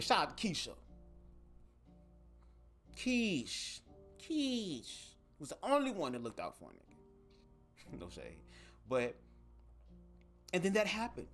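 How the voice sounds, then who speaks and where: A man hosting a casual livestream, talking straight to his viewers in an animated, profane way from a home setup at his microphone. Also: fairly high pitch. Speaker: livestream host. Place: home setup, speaking to camera. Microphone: desk microphone.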